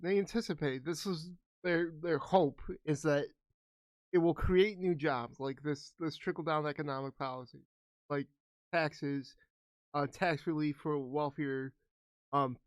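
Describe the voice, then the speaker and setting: A man's voice: on the high side, a little slow, dry recording. A man co-hosting a podcast, talking casually and explaining his points at length, with restarts and swearing. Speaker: podcast co-host. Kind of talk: casual chat.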